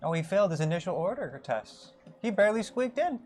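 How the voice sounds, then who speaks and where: A frail, kindly old rabbit-folk priest, voiced by a man for a tabletop game, sits high and thin in the voice. He quavers, clears his throat and drifts off into hums, sweet but half asleep. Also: very animated, fairly quick, a little mellow. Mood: mild. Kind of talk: tabletop role-play character voice.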